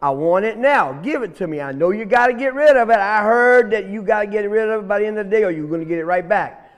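Picture a bossy little male rattlesnake, put on by a man telling a story, loud and impatient. His voice is high and it jumps around a lot. A long reverb trails behind every word. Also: sing-song, normal speed. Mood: rude demanding. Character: rude, pushy little male pygmy rattlesnake.

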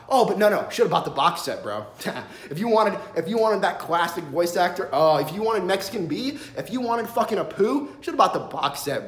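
A man doing a loud, profane comedic rant into a phone on a selfie stick, swearing and laughing as he stammers through his points. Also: sits high, reverberant. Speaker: vlogger.

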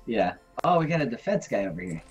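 A man's voice: medium pitch, big pitch swings, fast talker, dull audio, faint music behind. A man playing a video game with a friend, chatting casually and teasing with frequent laughs. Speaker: guest co-player. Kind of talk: casual gaming chat.

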